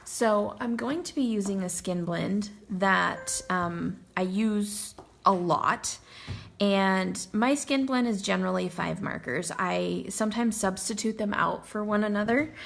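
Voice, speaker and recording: A woman with a Texan accent talks through a coloring tutorial in an easygoing livestream chat. She sounds worn out but laughs a lot, and her voice has a gravelly, fried edge at a middling pitch. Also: measured pace. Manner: chatty, laughs often. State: tired. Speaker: craft tutorial host.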